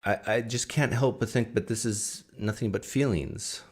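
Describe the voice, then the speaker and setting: A man's voice: lowish voice, normal speed, slightly rough. A man hosting a live stream, reacting to a clip and firing off rhetorical questions in a casual, argumentative way.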